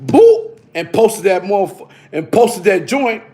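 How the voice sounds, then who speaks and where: A man's voice: high-pitched, measured pace, dark tone, slight background noise. A middle-aged man telling a story in casual street slang, tagging lines with "you heard?". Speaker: vlogger.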